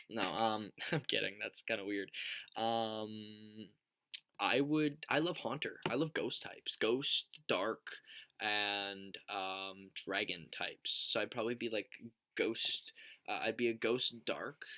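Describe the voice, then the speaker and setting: A man's voice: on the low side, slow, bright, forceful tone. A young man answering tag questions on a vlog, rambling, joking and swearing a lot. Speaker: vlogger.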